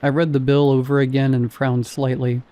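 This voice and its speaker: A man narrating a scary story in a calm, measured reading voice. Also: medium pitch. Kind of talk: scripted narration.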